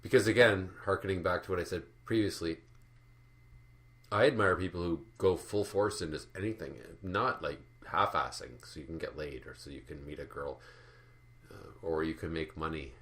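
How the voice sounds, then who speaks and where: A man's voice: sits low, moderate pace, fairly bright tone. A man delivering a rambling, profane, sardonic rant as an art commentary vlogger. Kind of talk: ranting monologue.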